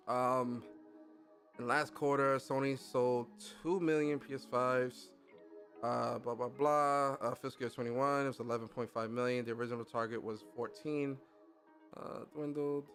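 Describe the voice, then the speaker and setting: Animated, profane gaming podcast host. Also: male voice, mid-range voice. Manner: animated, profane, laughs often. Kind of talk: casual commentary reading news.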